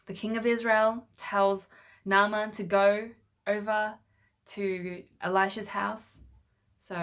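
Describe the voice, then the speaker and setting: A woman's voice: medium pitch, a bit bright. A woman telling a Bible story to children with toy figures, patiently asking them questions as she goes. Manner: patient, asks the listener questions.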